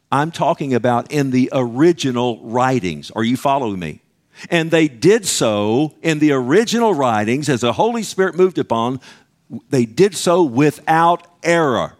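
Emphatic male preacher calling out "Amen?". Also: mid-range voice. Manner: emphatic, calls out "Amen?" to congregation, acts out dialogues with God. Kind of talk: sermon.

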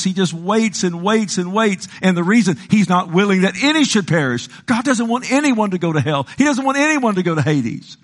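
An older man preaching a sermon with passion, moving from loud pleading to hushed lines and acting out the voices he quotes. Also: high voice, expressive, moderate pace, hardly any pauses.

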